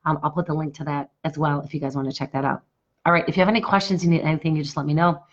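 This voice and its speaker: A woman coach with a hoarse, husky voice, talking enthusiastically to her live stream viewers and pitching her workshop with repeated phrases. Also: fairly even intonation, very fast, muffled recording. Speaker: business coach.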